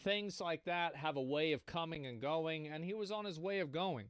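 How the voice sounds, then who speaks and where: Brief: male streamer, higher voice, loose profane reaction chatter, dry close mic. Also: moderate pace, fairly bright tone, smooth, no echo. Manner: casual, profane, amused. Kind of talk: casual reaction commentary.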